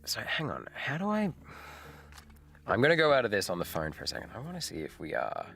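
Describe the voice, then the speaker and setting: A man's voice: fairly low pitch, huge pitch swings, a little fast, creaky, fairly bright tone, husky. A middle-aged man, hosting a casual livestream chat, laid-back and rambling, laughing often. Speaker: livestream host. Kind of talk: casual live chat with viewers.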